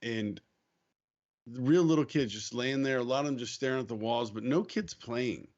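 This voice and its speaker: A man speaking as a guest on a faith podcast, telling a story in a casual, animated way, acting out quoted lines and laughing easily. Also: medium pitch, moderate pace, highs cut off. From United States.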